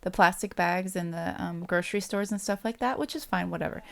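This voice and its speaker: A woman co-hosting a podcast in casual chat, laughing often and getting animated when annoyed. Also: on the low side, brisk, creaky, few pauses. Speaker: podcast co-host.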